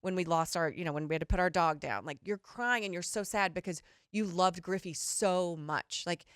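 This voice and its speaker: A middle-aged woman co-hosting a podcast, talking in a candid, rambling, animated way and swearing casually. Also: on the low side, moderate pace, smooth, no echo, studio quality. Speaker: podcast co-host. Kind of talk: casual chat.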